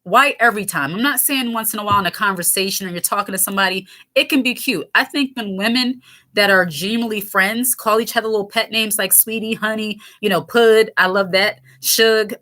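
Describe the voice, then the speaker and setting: Bright-voiced woman in her thirties chatting. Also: medium pitch, a little fast. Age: 30s. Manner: chatty, laughs often, candid. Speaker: channel host reading viewer comments. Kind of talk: casual livestream chat.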